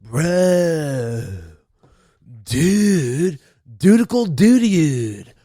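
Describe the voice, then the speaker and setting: A man's voice: a little high, big pitch swings, extremely slow, dark tone, no echo, clean studio sound, pitched above the performer's own voice, heavily acted. A man voicing a stoned young male skater-bro doctor with a drawling, slangy surfer-bro manner. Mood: laid-back stoner.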